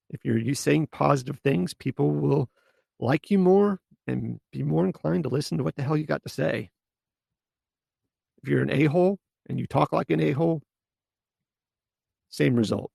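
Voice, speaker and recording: A man hosts a solo coaching podcast and speaks in a blunt, casual way. His voice is deeply gravelly and husky. The recording is dry and close. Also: a little mellow, no echo. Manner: blunt, casual, mild swearing. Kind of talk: solo podcast advice talk.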